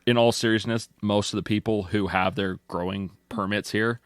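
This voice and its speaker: A man's voice: fairly low pitch, steady tone, moderate pace, clean tone, dry recording, clean studio sound. A man co-hosting a casual podcast, with wry, joking asides.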